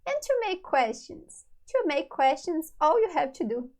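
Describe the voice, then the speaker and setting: A Brazilian woman teaches Portuguese in an online language lesson, patiently repeating each example. Her voice is high and sing-song with a darkish tone, a little slow, and the audio quality is poor.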